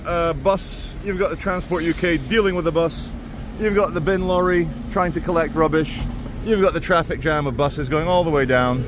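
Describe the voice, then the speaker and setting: A man walking city streets with a camera, giving sardonic running commentary as a vlog host. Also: fairly high pitch. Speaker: vlogger host. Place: outdoors on busy city streets. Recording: street traffic noise behind.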